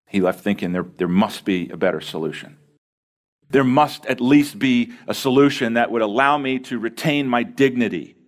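A male preacher delivers a sermon in a middle-range voice. He tells the story with animation, acting out characters' words. He moves between loud emphasis and hushed, soft asides. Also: medium pitch. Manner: animated storytelling, acts out biblical characters' lines. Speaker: pastor.

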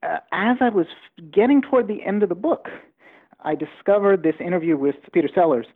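A man's voice: high voice, fairly quick. A man being interviewed as an author, telling anecdotes with enthusiasm. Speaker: author guest. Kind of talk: storytelling interview talk. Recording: phone-like remote line.

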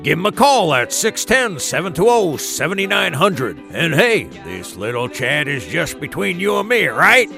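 A gravelly hot-tempered cartoon cowboy. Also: male voice, a little high, sharp tone, full character voice. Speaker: promo announcer. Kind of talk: radio promo. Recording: music bed behind.

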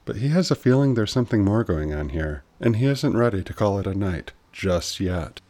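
A man's voice: lowish voice, expressive, normal speed, dark tone. A man hosting and narrating a serialized story podcast in a playful, upbeat way. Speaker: host and narrator. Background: music.

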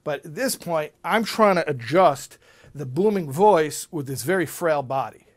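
A man speaking as a rabbi, telling a personal story in an animated way and often repeating himself. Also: on the high side, measured pace. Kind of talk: storytelling talk.

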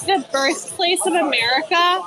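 A woman chatting and teasing from a noisy bar, talking loudly over the noise. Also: extremely high pitch, normal speed. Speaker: guest speaker. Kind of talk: casual chat. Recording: loud music from a bar.

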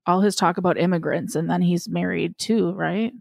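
A woman's voice: lowish voice, steady tone, normal speed, creaky, no echo, studio quality. A woman in casual chat, frank and swearing, with lots of "like" fillers.

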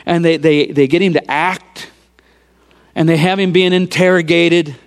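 A man with a noticeably high voice delivers a storytelling sermon, walking his listeners through a film scene by scene. He is animated in his retelling and sinks into hushed near-whispers to drive points home. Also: measured pace, clear, resonant tone.

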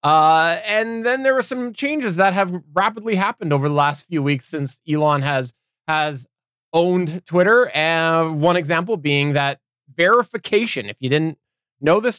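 A man's voice: fairly high pitch, moderate pace, a bit bright, clean tone, no room sound, clean studio sound. A man co-hosting a geek news podcast, talking casually and often restarting his phrases. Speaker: podcast co-host. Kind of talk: casual chat.

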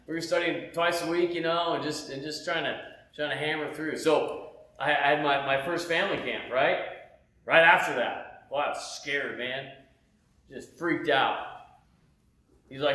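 A man preaching a personal testimony in a casual, animated way, tossing in "man" and "right?" between his points. His voice sits a bit high for a man. The room is roomy and echoey, as if he is speaking at home. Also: measured pace, pauses often. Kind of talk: sermon testimony.

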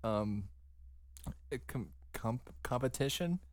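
A man co-hosting a podcast, talking slowly in casual banter. His pitch moves a lot, and he hesitates with plenty of fillers and giggles often. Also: animated, dry recording. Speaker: podcast co-host.

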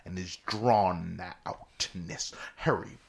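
A man co-hosting a casual chat, swearing freely and jumping up high for exclaimed quotes. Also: slow, vocal fry. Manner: animated, profane, swoops into high exclaimed quotes. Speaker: podcast co-host.

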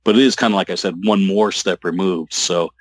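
A man talking as an interview guest about his comic work, halting and rambling with many restarts. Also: sits low, steady tone, dry recording. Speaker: comic book writer guest. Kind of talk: casual interview talk.

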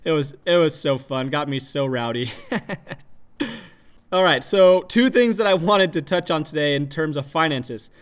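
A man hosting a podcast, telling a story in a casual, animated way, laughing often and acting out his own shouts. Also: fairly high pitch, measured pace. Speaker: podcast host.

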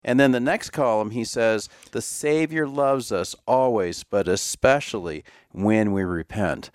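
A man's voice: on the low side, a little slow, clean tone, no echo, studio quality. A man co-hosting a scripted discussion, earnest and full of pointed questions. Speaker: co-host.

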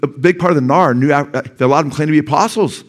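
A man with a highish voice preaches fast as a pastor in a church sanctuary, his sermon earnest and urgent with sudden emphatic rises in pitch.

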